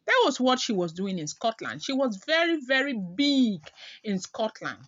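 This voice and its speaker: A woman's voice: fairly high pitch, sing-song, normal speed, no echo. Woman vlogger, chatty gossip host, dry muffled lo-fi mic. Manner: chatty, keeps adding "okay?" and "you know". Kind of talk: casual gossip monologue.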